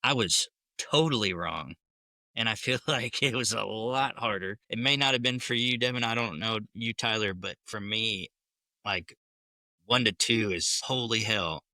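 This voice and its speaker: A man chatting as a podcast guest, candid and quick to laugh. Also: fairly low pitch, bright, forceful tone, no room sound. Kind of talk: casual chat.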